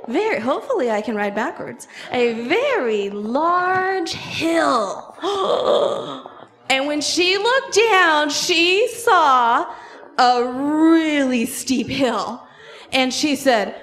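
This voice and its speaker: A woman with a high voice tells a children's story at a church program, animated and chatty. She talks straight to the kids, asks them questions and acts out the scenes as she goes.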